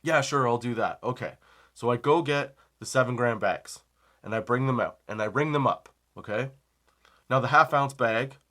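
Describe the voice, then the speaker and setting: A man of middle pitch hosting a comedy podcast, talking casually and with plenty of energy. He acts out both sides of the dialogue, keeps asking "okay?" and calls his listener "dude". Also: sharp tone. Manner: conversational, says "okay?" and "dude" often. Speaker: podcast host.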